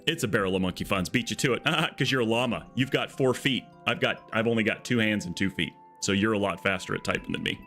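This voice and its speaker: A man's voice: on the low side, fast talker, hardly any pauses, a bit bright, soft background music. A man from Arizona chatting casually on a live game stream, rambling and tagging his sentences with "okay?".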